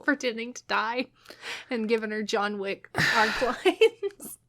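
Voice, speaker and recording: A woman co-hosting a casual podcast who chimes in with quick reactions and teasing remarks. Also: fairly high pitch, animated, a bit bright. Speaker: podcast co-host.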